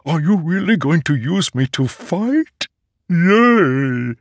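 A man's voice: fairly high pitch, big pitch swings, slow, no echo, pitched above the performer's own voice, heavily acted. A male audiobook narrator voicing a cheerful, naive talking sword that is eager to fight, its voice sounding distorted, as if underwater. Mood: chirpy. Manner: childlike, chirpy, oblivious. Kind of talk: audiobook character voice.

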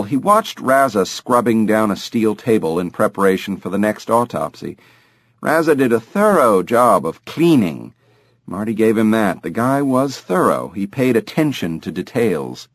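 A man narrating an audiobook in an expressive, animated reading style. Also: fairly low pitch, no room sound, studio quality. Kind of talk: scripted narration.

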